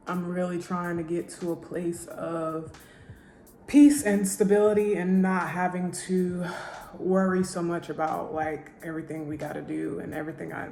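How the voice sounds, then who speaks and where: A young woman vlogging candidly from her home kitchen, halting and emotional, close to tears, with many pauses and fillers. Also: on the low side, a little mellow. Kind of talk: reflective personal vlog talk. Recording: echoey room with faint music.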